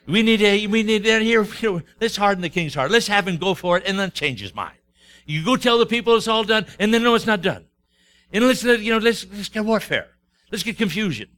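A man preaching a sermon, retelling stories with acted-out dialogue in an animated way. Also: high-pitched, a little fast. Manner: animated storytelling, acts out dialogue.

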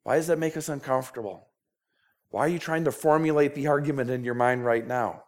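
A man's voice: medium pitch, a little fast. A man with a Minnesota accent preaching a sermon, earnest and pleading, often repeating words as he presses his point. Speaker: pastor.

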